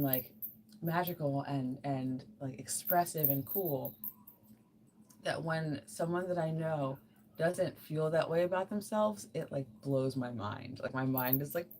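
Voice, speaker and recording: A woman's voice: low-pitched, a little hiss or hum. A woman livestreaming while crafting, chatting casually in an earnest, rambling way with lots of fillers.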